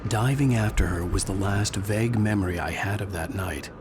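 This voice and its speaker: For a video game, an actor voices the narrator and lead character, a haunted novelist hunting for his missing wife. His fairly low voice moves at normal speed and is lightly acted, with background noise behind it. The narration is grave and reflective, set over game music.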